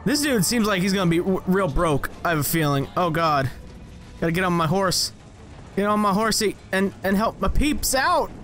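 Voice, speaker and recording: A young man giving casual, rambling gameplay commentary, joking at himself and jumping into high excited yelps as he plays. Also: moderate pace, soft background music. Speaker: gaming channel host.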